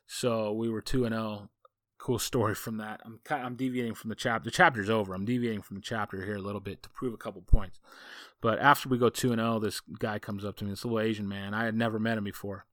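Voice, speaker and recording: A man's voice: on the low side, steady tone, fast, fairly bright tone, no echo, clean studio sound. Enthusiastic man telling a coaching story. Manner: enthusiastic, folksy, rambling with asides. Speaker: football coach and podcast host. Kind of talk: casual storytelling monologue.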